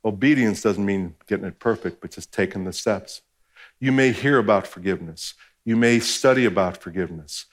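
Man preaching with lively, conversational emphasis. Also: moderate pace. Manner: conversational preaching, acts out quoted voices; swings from hushed and low to raised and emphatic. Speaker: pastor. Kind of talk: sermon.

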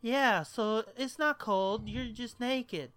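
A man's voice: very high voice, slow, a bit bright, smooth, no room sound, heavily acted. A man voicing a drunk, exasperated boyfriend who insists and over-explains.

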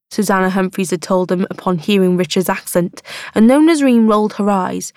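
A woman narrating an audiobook in a measured, even reading voice. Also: mid-range voice, no room sound, studio quality. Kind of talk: scripted narration.

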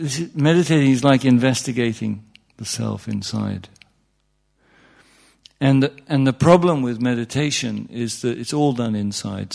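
A man with a gravelly, middle-pitched voice gives an informal spiritual talk. He rambles through it with humor and many asides, and his voice leaps upward when he stresses a point. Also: a little mellow. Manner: chatty and humorous, many asides and "you know"s. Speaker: meditation teacher.

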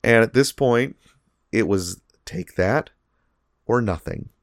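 A man with a fairly low voice co-hosts a casual podcast, speaking slowly and rambling through his points. He fills them with fillers and restarts, and the recording is dry and close.

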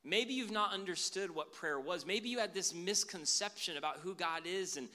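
A man preaching a sermon as pastor, animated and conversational. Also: sits high, moderate pace.

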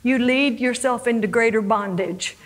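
A woman's voice: on the high side, moderate pace, a crowd in the background, low-quality recording. A woman preaching a sermon, acting out scripture quotes with dramatic, rising emphasis.

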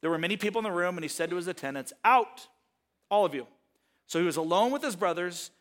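Male pastor, higher register, conversational storytelling sermon, slips into quick character voices. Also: a bit bright. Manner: retells scripture casually, voicing characters in quick asides.

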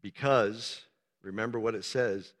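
A man preaching a sermon as pastor, swinging from soft, low talk to loud, emphatic shouting. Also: a little slow. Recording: long reverb of a large hall.

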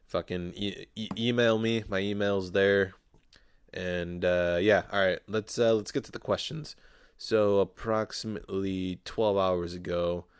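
A man hosting his own podcast alone, ranting casually and swearing freely, quick to flare up. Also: low-pitched, clear, resonant tone, dry recording, clean studio sound. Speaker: podcast host.

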